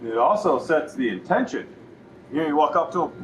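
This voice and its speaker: A man's voice: on the high side, lively intonation, fairly quick, fairly bright tone, slight background noise, poor audio. A man co-hosting a casual chat about sales, who acts out cheerful greetings in a raised voice. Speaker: furniture store co-host.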